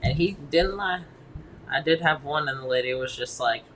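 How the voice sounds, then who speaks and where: A man's voice: a little high, normal speed, a bit bright, slight background noise, rough recording. A man from Massachusetts chatting casually, laid-back and slangy, swearing and laughing often. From Massachusetts, near Boston. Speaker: podcast co-host. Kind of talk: casual chat.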